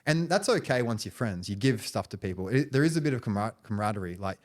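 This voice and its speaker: A man's voice: lowish voice, expressive, quick pace. A man, a podcast guest, telling stories in casual conversation, rambling and restarting phrases, with frequent "you know" and "right".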